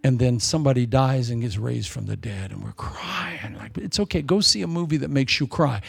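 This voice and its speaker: A middle-aged pastor preaches a sermon in a gravelly, husky, mid-range voice at normal speed. He tells stories with animation, swinging from sudden shouts to near-whispers. The recording is dry and close, with no sense of room.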